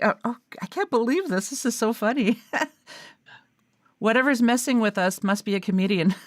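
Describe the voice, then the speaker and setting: A woman's voice: a little high, moderate pace, dry recording, clean studio sound. A woman hosting a paranormal podcast, chatting casually over a video call and laughing often. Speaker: podcast host. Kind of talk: casual chat.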